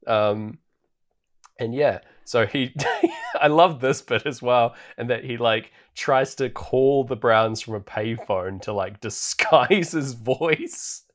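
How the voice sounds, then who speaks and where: A man co-hosting a podcast, recapping a film in a relaxed, rambling way with plenty of fillers. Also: medium pitch, takes it slowly. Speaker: podcast co-host. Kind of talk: casual film recap chat. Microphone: podcast microphone.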